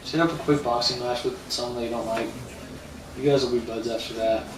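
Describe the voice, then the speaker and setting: A man's voice: mid-range voice, fairly even intonation, brisk, noisy background. A man live streaming, telling a rambling, profane story and repeating himself as he talks. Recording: roomy, distant mic, faint ambience.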